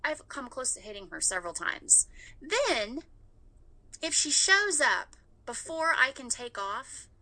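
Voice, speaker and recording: Woman in her 30s, super bright voice, animated storyteller, curses a lot. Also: high voice, measured pace, low-quality recording. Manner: animated storyteller, swears freely. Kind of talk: casual chat.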